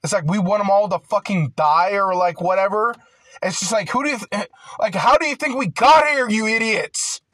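A young man in a casual ranting monologue, rambling with constant filler words and swearing, growing loud and heated at times. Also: high-pitched, normal speed, dry recording. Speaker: vlogger.

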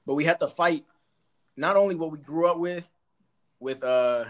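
A man's voice: on the high side, moderate pace. A man co-hosting a podcast, talking in a laid-back, blunt, reflective way. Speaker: podcast co-host. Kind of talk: casual chat.

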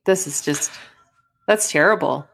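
A young woman with a slightly low voice tells a story in relaxed conversation. She is animated and slips into the voices of the people in her story. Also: a little slow, gravelly. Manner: animated storyteller who acts out dialogue. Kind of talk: casual chat.

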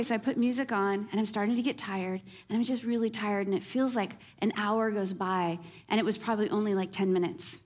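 A woman pastor giving a sermon as a personal story, lively and animated, with self-deprecating humor. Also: medium pitch, a little fast.

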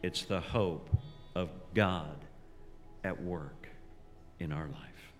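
A male pastor preaching a sermon, slow and deliberate, swinging from loud emphasis to near whispers. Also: low-pitched, soft background music. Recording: long reverb of a large hall.

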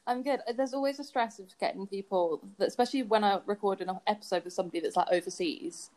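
Young female host, lively chatty manner, talks over a call app. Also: mid-range voice, fast talker. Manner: animated, chatty, laughs often. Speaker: podcast host. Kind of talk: casual chat between friends. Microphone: remote call app.

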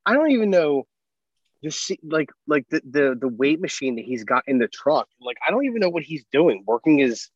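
A man co-hosting a casual movie podcast, throwing in deadpan quips and jokey asides. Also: fairly high pitch, moderate pace, husky, no room sound, dull audio. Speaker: podcast co-host. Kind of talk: casual movie-review chat.

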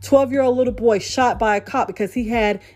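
Fired-up woman ranting, soft music behind. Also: on the high side, a little fast. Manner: heated, profane, repetitive. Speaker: vlogger. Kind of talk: impassioned monologue rant.

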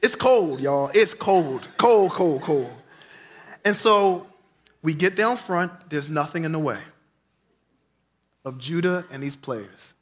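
A man, a pastor, preaching a sermon in an animated storytelling way, swinging from loud, passionate lines to hushed asides. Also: on the high side, takes it slowly, pauses often.

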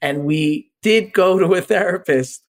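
A man in his forties speaks as a guest on a talk show, his voice sitting a bit higher than most men's. He tells a personal story earnestly and candidly, and grows animated when he retells a conversation. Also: a little slow. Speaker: podcast guest, life coach.

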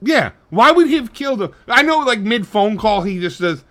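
A male podcast co-host with a bright, forceful voice that sits a little high. His pitch swings widely as he jokes through casual chat. He keeps the talk animated and dips into put-on voices. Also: moderate pace. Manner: animated, jokey, slips into voices.

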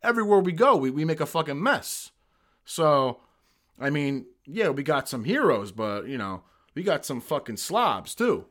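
Profane, animated army veteran man. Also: fairly high pitch, moderate pace. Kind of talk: casual podcast chat.

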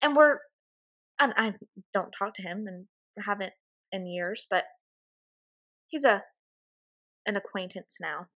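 A woman with a Southern US accent, co-hosting a podcast in casual chat and telling stories in a chatty, animated way. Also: medium pitch. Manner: chatty, animated storytelling with quick laughs. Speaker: podcast co-host.

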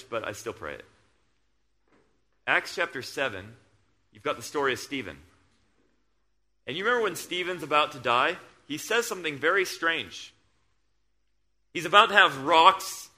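A middle-aged man preaching a sermon, moving between loud, excited storytelling and quiet, hushed intensity. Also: fairly high pitch.

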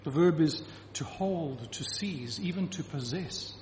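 A man's voice: on the high side, lively intonation, measured pace, a little mellow, a little hiss or hum. A man preaching a sermon to a congregation, emphatic and repeating key phrases to drive his point home. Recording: reverberant hall with faint ambience.

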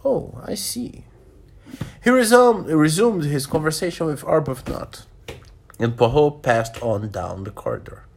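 A man's voice: a little high, lively intonation, normal speed, gravelly. A man reading a novel aloud, often stopping to comment and restate what he just read. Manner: stops to comment and restates lines.

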